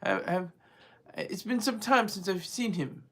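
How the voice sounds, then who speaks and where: A man voicing a casual, chummy Russian head of state in a deliberately clumsy, exaggerated Russian accent. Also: sits high, creaky, sharp tone, exaggerated voice. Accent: fake Russian.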